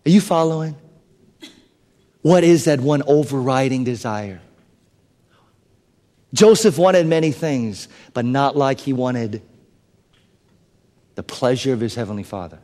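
A man preaching a sermon, swinging between loud emphatic bursts and hushed, whispered asides. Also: mid-range voice, expressive, unhurried, long pauses, long reverb tail. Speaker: pastor.

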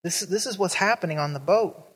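A man preaching a sermon as pastor, animated, acting out the voices in the story with big jumps in pitch. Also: fairly quick, slightly rough, big-room sound.

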